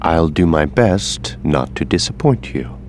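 An actor playing a stiff, formal male demon familiar who speaks in a measured, precise way. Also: very deep voice, sing-song, a little mellow, faint music behind, exaggerated voice.

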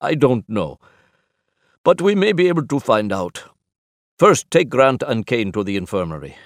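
A man voicing a grave, shaken older scientist who speaks in formal, measured sentences. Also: mid-range voice, very animated, dry recording, studio quality, voice pushed up.

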